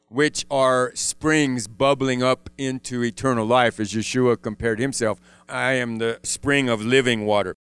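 A man's voice: medium pitch, smooth, dry recording. Male preacher, resonant tone, dry close sound, engaging and rhetorical, for sermon reads. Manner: lively, asks the audience rhetorical questions. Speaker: Bible teacher.

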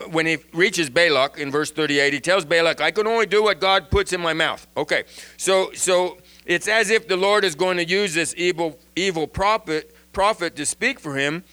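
Animated man teaching the Bible. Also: on the high side. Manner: animated, restarts and repeats words.

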